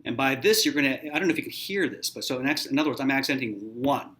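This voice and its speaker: Relaxed man teaching piano exercises. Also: medium pitch, fast, hardly any pauses, slight background noise. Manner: relaxed, demonstrative, counts finger numbers aloud. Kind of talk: casual video lesson. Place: hotel room.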